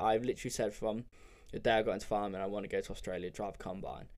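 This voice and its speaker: A man's voice: fairly low pitch, fast talker, darkish tone. Rambling, sweary young man. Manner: rambling and candid, with frequent fillers and swearing. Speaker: podcast host. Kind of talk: casual solo storytelling.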